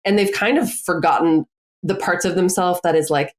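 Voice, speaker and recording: Chatty woman coach with a lowish voice. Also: moderate pace. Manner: chatty, frequent filler words, laughs often. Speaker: certified coach, podcast guest. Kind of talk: casual conversational interview.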